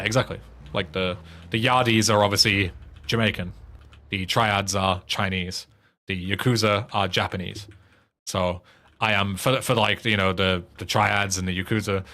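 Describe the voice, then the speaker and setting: A man's voice: on the low side, bright, forceful tone. An English man streaming a game, chatting casually in a rambling way with frequent swearing and restarts. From England. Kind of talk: casual chat while playing a game.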